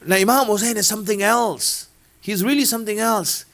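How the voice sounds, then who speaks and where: A man's voice: sits high, brisk, a bit bright. A man giving a sermon, telling a story in a conversational way. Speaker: religious speaker.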